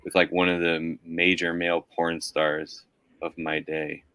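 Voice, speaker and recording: A man's voice: low-pitched, level tone, unhurried, sharp tone, clear, resonant tone, no echo. A man in his thirties joking bluntly on a podcast, swearing and using slang. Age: 30s. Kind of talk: casual crude banter.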